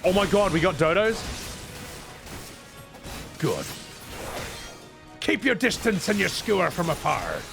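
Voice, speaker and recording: A man's voice: sits high, huge pitch swings, slow pace, vocal fry, long pauses, music in the background. A man giving crude, joking commentary while playing a game. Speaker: gamer and voice dubber. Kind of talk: casual gameplay commentary.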